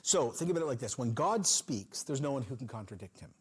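A man preaching a sermon in an expressive style, acting out the people in the story with sudden swings in pitch and loudness. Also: a little fast, slightly rough. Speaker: pastor.

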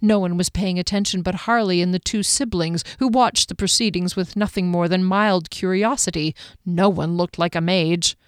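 A woman narrating a fantasy audiobook in a measured, even storytelling manner, recorded on a close microphone. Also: fairly low pitch, clear, resonant tone, no room sound.

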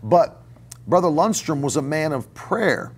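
A man delivering a sermon as a pastor, with a voice pitched a little above the usual for men. He preaches conversationally, circling back and repeating phrases as he goes. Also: expressive, unhurried, slightly rough. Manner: conversational preaching with repetitions and restarts. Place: church.

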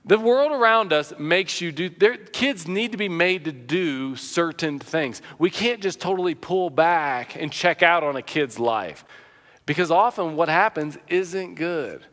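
Male pastor, slightly high voice, chatty anecdotal sermon, long hall reverb. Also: expressive, measured pace, fairly bright tone. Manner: conversational preaching with personal anecdotes.

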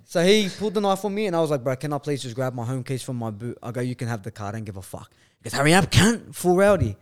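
A man's voice: medium pitch, expressive, rapid-fire, a little mellow. A man, a podcast guest telling a story bluntly, with lots of swearing and slang. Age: 20s. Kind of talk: casual chat.

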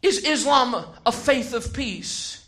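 A man preaching a sermon, who shouts some phrases and slows right down to stress others. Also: very high voice. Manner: emphatic, swings from shouting to slow stressed words.

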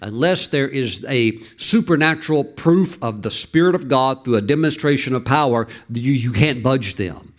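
A man, a pastor, preaching a sermon and telling a story in an animated way, with fillers and restarts, his voice rising at the dramatic moments. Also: medium pitch, normal speed, few pauses.

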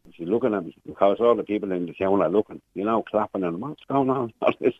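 A man's voice: lowish voice, quick pace, husky, no room sound. An Irish man in his sixties calling a radio show, rambling through a long story and acting out the voices of the people in it. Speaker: caller. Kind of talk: phone-in storytelling. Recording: muffled phone line.

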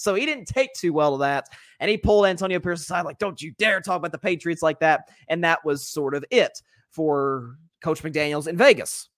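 High-voiced animated young man talking sports. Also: no echo, clean studio sound. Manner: animated, rambling, self-interrupting. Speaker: podcast host. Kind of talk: casual sports talk.

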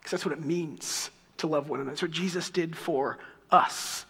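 A pastor with a Texan accent preaching a sermon in a conversational, storytelling way, with light asides. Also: male voice, fairly high pitch, moderate pace, fairly bright tone, breathy edge, big-room sound.

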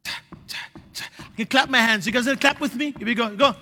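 Male preacher, high and bright, animated storyteller, reverberant hall. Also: normal speed, loud music behind the voice. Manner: storytelling, animated, rising to shouted exhortation. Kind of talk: sermon.

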